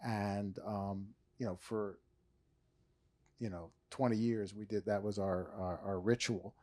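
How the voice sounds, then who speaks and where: A man's voice: lowish voice, fairly even intonation, slow pace, darkish tone. A middle-aged man from New Jersey, an author and former prosecutor, talking in a stage interview with many restarts and dry humor.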